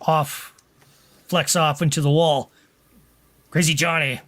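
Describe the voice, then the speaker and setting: A man narrates a tabletop game as its game master, his voice sitting a little high for a man. He takes his time, drawing out descriptions and throwing in sound effects. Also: steady tone, fairly bright tone. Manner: unhurried, adds sound effects.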